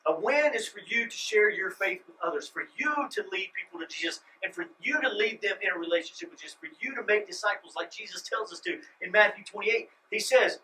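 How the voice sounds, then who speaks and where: A man preaching a sermon as a pastor, moving between loud emphatic lines and hushed whispers. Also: high-pitched, lively intonation, brisk, hardly any pauses, distant mic, slight background noise, poor audio. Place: church sanctuary.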